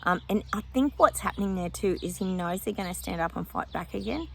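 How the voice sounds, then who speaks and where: A woman's voice: medium pitch, expressive, brisk, gravelly, slight background noise. A woman psychic vlogging her predictions outdoors in casual chat, often breaking off to talk to her dog.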